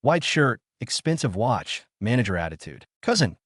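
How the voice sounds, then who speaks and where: Guy reading a dramatic first-person story, bitter, very lively pitch, dry close mic. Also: fairly quick, dry recording. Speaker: narrator.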